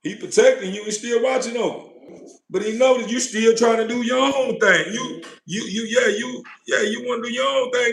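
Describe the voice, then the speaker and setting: High, bright-voiced man preaching emphatically. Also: moderate pace. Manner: blunt, profane and emphatic, voices God and doubters in turn. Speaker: informal preacher. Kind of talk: impassioned religious monologue. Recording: roomy echo.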